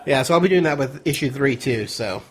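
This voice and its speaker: A male podcast host in loose, casual chat who reads listener emails aloud. He talks at an ordinary pitch in a relaxed, easygoing way and laughs readily. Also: fairly quick.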